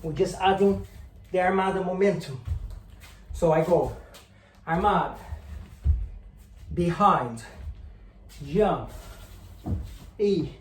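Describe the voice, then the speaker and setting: Male capoeira instructor, unhurried, calls out each move, roomy recording. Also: high-pitched. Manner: counts and calls out moves while demonstrating; drifts on and off mic while moving. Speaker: capoeira teacher. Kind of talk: instructional demonstration. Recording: echoey room, faint noise.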